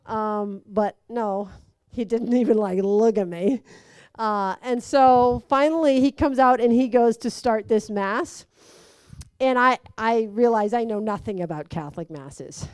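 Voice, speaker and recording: A woman's voice: fairly high pitch, unhurried, smooth, no room sound. A young woman animatedly telling a personal story, acting out voices and laughing along. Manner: lively, acts out quoted voices, laughs through it.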